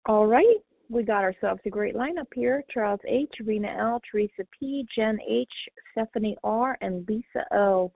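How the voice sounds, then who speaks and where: A woman chairing a recovery meeting, brisk and organized, calling and repeating names. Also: mid-range voice, creaky, no echo. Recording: tinny phone line.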